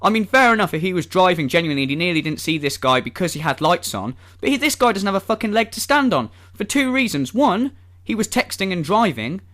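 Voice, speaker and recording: A man's voice: sits high, big pitch swings, fast, a bit bright. A man ranting in a vlog, sarcastic and exasperated, swearing often. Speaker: vlogger.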